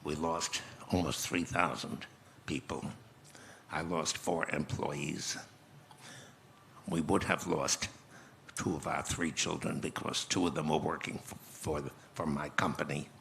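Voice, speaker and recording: A man in his nineties, speaking as a conference guest and recounting memories in a measured, reflective way with pauses. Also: rumbling low, steady tone, vocal fry, a bit bright, slight background noise. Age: 90s. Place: conference stage.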